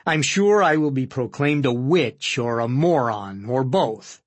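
Husky, somewhat nasal man reading memoir. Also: medium pitch, no echo. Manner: earnest, reflective, measured reading. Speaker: author narrating his own book. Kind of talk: audiobook memoir narration.

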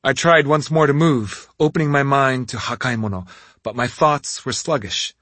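A man narrating a first-person fantasy audiobook in a dramatic, expressive reading. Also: mid-range voice, moderate pace, dry recording.

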